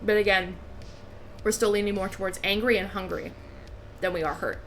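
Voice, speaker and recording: A woman's voice: mid-range voice, fairly even intonation, moderate pace, a bit bright, slight background noise. A woman running a tabletop game as game master, patiently explaining rules and vividly narrating scenes.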